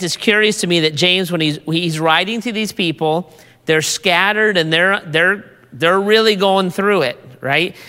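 Slow, resonant preacher in a reverberant hall. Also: mid-range voice, pushed and bright, clear, resonant tone. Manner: deliberate, repeats words while building points. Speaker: pastor. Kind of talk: sermon. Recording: long reverb of a large hall.

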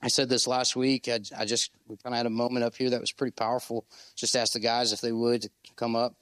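A man's voice: medium pitch, flat delivery, fairly quick, a bit bright, clean tone, dry recording. A young man preaching a sermon, impassioned and exhorting, leading his listeners in call-and-response. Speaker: pastor.

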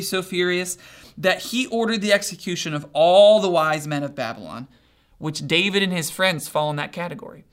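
A man preaching a casual sermon, retelling a story in an animated, conversational way and often checking in with his listeners. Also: high-pitched.

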